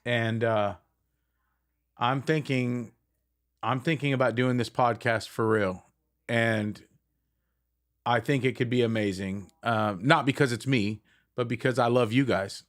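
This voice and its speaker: Middle-aged male frontman, loose rambling live-stream chat, ordinary mid pitch. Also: steady tone, measured pace, long pauses. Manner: rambling and affectionate, many fillers.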